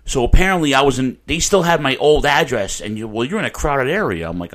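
A man's voice: mid-range voice, animated, fast talker, a bit bright. A man hosting a casual podcast chat, a rambling storyteller who swears and restarts often. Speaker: podcast host.

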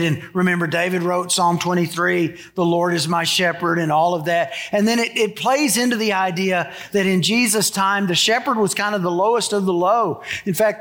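An older man, a pastor, has a high-sitting voice with a fairly bright tone. He gives his sermon in a folksy storytelling style, shifting from Bible reading to humorous family anecdotes.

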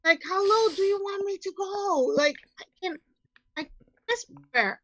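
Loud, animated middle-aged woman. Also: very high voice, unhurried, no room sound. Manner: loud, animated storyteller who breaks into Spanish. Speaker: podcast co-host. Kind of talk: casual chat.

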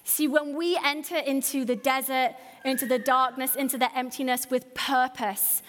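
A woman's voice: high-pitched, fairly even intonation, moderate pace, fairly bright tone. A woman pastor preaching a sermon, earnest and building with repeated phrases. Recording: hall reverb.

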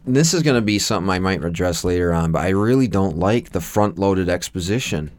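A man's voice: deep voice, lively intonation, fairly quick. A man co-hosting a casual movie review podcast, laid-back and dryly opinionated. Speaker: podcast co-host.

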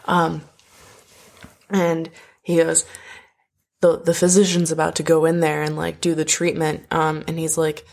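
Low gravelly woman recapping a story. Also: unhurried. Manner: animated storytelling, acts out characters' quotes, frequent "like". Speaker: podcast co-host recapping an opera. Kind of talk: casual chat.

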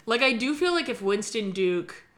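Bright, laughing woman podcast co-host. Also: fairly high pitch, normal speed. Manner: animated, laughs often, playful storytelling. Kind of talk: casual chat.

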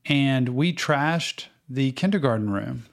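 A middle-aged man telling childhood stories on a podcast in a relaxed, chatty way. He gets animated as he recounts old anecdotes. His voice sits in an ordinary middle pitch. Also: slow, creaky. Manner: animated anecdotes with acted-out quotes. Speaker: podcast co-host. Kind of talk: casual storytelling chat.

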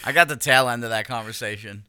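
Bright, crisp-voiced man teasing and laughing. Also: mid-range voice, quick pace, dry recording, studio quality. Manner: laughs often, teasing storyteller, swears freely. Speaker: podcast co-host. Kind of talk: casual chat.

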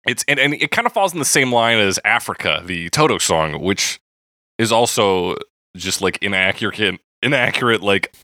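A man with a very low voice and a bright, forceful edge talks through a song with his co-host. He is casual and animated, laughing often. The recording is dry and close. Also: normal speed, no echo. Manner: animated, laughing, reads lyrics aloud. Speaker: podcast co-host. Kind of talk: casual chat about music.

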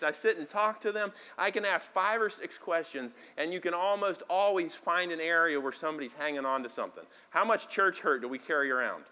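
A man preaching a sermon as pastor, talking conversationally and moving between quiet asides and loud, emphatic lines. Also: a little high. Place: church sanctuary.

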